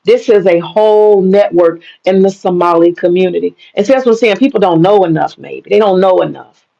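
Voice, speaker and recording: A blunt, angry American woman, a vlogger, rants straight at the camera and swears constantly. Her voice has a gravelly, fry-heavy edge, and the dull, lo-fi recording makes the sound muffled. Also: on the low side, brisk, warm tone. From United States. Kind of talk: profane ranting monologue.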